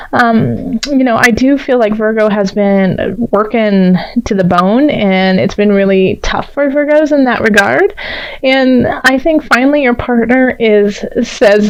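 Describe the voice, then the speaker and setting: A woman's voice: fairly high pitch, muffled recording. Chatty woman giving a tarot reading. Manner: chatty, lots of fillers, laughs easily. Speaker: tarot reader.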